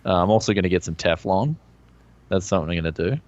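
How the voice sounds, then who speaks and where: Australian male co-host, deep voice, jokey and laughing, dull lo-fi stream audio. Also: quick pace, darkish tone. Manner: laughs often, joking. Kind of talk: casual stream chat.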